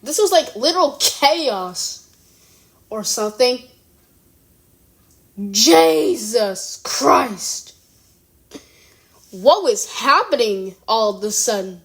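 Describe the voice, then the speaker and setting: Medium in pitch but with big swings, this young voice is a bit bright and keeps a measured pace. Recording reaction content in a room at home, the creator chats casually, giggles and exclaims often, and rambles with frequent self-corrections.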